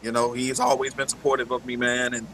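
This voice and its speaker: A man's voice: mid-range voice, little pitch movement, a little fast, background noise. A man guesting on a live radio interview, earnest and grateful, dropping "man" at the end of his lines. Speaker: musician guest.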